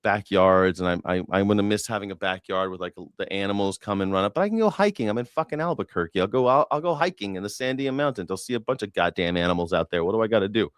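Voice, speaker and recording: A man's voice: on the low side, quick pace, hardly any pauses, clear, resonant tone, no room sound, clean studio sound. A man hosting a news reaction live stream, rambling in a profane, sarcastic way.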